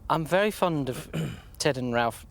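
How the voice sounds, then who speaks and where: A man's voice: on the high side, lively intonation, a little slow, vocal fry, dry recording. A man, a comedy actor, talking wryly and self-deprecatingly about his work in a documentary interview.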